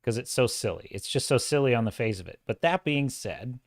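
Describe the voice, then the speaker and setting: A man talking on a commentary livestream, opinionated and animated, his pitch swinging widely as he argues his point. The sound is close and dry, with no room echo. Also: a little fast. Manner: animated, opinionated, acts out quoted dialogue. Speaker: livestream host.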